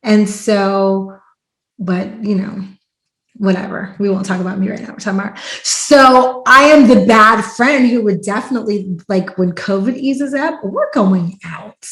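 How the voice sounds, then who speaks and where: Animated woman podcast host, roomy sound. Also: mid-range voice, a little slow. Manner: animated storyteller, acts out quotes loudly. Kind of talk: casual podcast chat. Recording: roomy echo.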